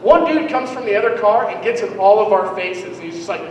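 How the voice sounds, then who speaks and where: A man's voice: sits high, lively intonation, fairly quick, recorded from a distance, a little hiss or hum. A young man doing a rambling, self-deprecating stand-up routine. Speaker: stand-up comedian. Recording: echoey hall, mic heard from afar.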